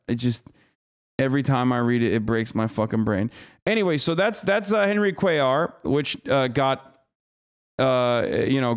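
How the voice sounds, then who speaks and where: A man streaming live, reading news aloud and commenting on it with quick, profane, exasperated remarks. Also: mid-range voice, clean tone. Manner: rapid, profane, exasperated ranting.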